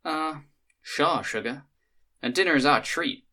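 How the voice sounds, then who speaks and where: A man's voice: a little high, measured pace, pushed and bright, voice pushed up. A man voicing a talkative grey-haired woman tourist from the American South, folksy and gushing, with a Southern US accent.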